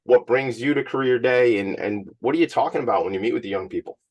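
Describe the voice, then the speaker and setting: A man's voice: mid-range voice, quick pace, a little mellow. A man hosting an interview, enthusiastic and effusive, getting emotional at times. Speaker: podcast host. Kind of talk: lively interview chat. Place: at a school event.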